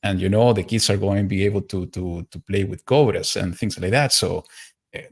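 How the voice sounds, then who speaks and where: Hesitant low-voiced man on a call. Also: brisk, a little mellow, husky. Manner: hesitant, many restarts. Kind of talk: casual discussion in an online Bible study. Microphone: video call.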